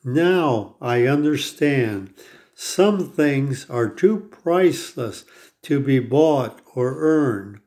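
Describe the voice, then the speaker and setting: A man voicing an old pearl diver who speaks earnestly and pleads, in a slow, dark voice. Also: medium pitch, lively intonation. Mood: pleading. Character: old male pearl diver, proud and grieving.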